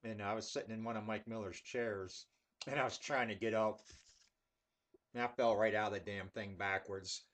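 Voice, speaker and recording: A man telling casual stories with many fillers, then reviewing a pipe tobacco in a relaxed, rambling way. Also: on the low side, normal speed. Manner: laid-back rambling with fillers.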